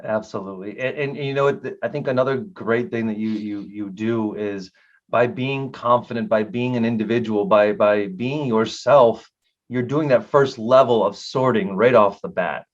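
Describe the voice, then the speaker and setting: A man hosting a casual interview, affirming and reflecting on his guest's points in drawn-out sentences. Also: fairly low pitch. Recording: dull lo-fi sound.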